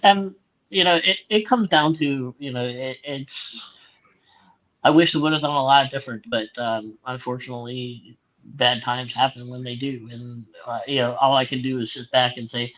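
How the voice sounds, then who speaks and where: A man's voice: mid-range voice, fairly even intonation, normal speed, a bit bright, highs cut off. A man being interviewed as a guest, talking hesitantly and trailing off with many ums. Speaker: guest awaiting sentencing. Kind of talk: casual interview talk.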